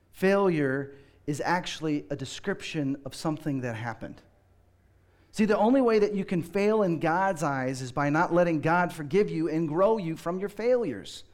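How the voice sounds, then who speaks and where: Earnest preacher man, slightly high voice. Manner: earnest, slows down and drops quiet for emphasis. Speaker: pastor. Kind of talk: sermon.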